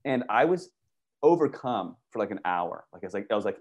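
A man talking casually and excitedly, rambling through stories with many restarts, swearing and saying "dude" and "bro". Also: lowish voice, brisk, breathy edge. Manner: profane, uses "dude" and "bro". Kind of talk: casual conversation.

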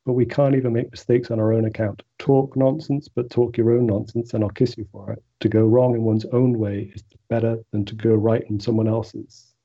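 A man's voice: medium pitch, level tone, brisk, mellow, slightly rough, lo-fi sound. A man in a casual chat, reading a quotation aloud and then reflecting on it.

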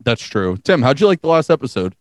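A man's voice: mid-range voice, sing-song, brisk, no echo. A young man co-hosting a podcast in casual chat, joking loosely and laughing often. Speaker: podcast co-host.

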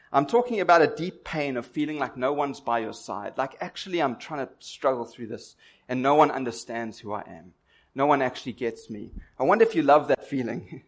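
Conversational preacher. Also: male voice, medium pitch. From Durban, South Africa. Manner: conversational storytelling with rhetorical questions. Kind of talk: sermon.

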